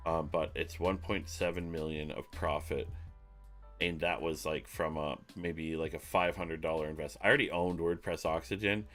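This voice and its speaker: Deep-voiced man, bright and forceful. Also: steady tone, normal speed, faint music behind. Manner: loose and rambling, with jokes and swearing. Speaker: online marketing streamer. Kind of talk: casual livestream talk.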